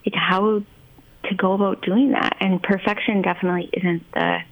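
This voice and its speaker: A woman speaking as a child therapist guest in a casual podcast conversation, thoughtful and unhurried, with many ums and you-knows. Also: medium pitch, fairly even intonation, creaky, rough recording.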